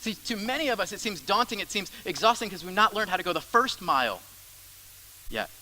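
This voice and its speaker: Bright-voiced male pastor preaching. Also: sits high, expressive, brisk, slight background noise, rough recording. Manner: conversational preaching with many asides and repetitions. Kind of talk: sermon.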